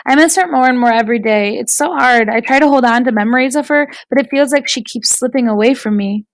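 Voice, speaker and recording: A woman voicing an earnest teenage girl who helps at a ramen shop, speaking softly. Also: fairly high pitch, fast, a little hiss or hum, close to an everyday voice.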